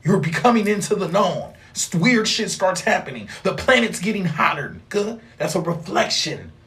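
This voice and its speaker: A young man delivering a rambling, profane spiritual monologue, animated, with sudden loud outbursts. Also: high voice, normal speed. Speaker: spiritual vlogger.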